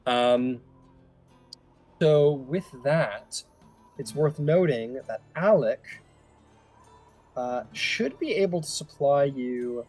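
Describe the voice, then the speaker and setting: Male game master, loose rambling delivery, faint music underneath. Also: a little high. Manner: rambling, filler-heavy, relaxed. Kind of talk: narrating a tabletop game.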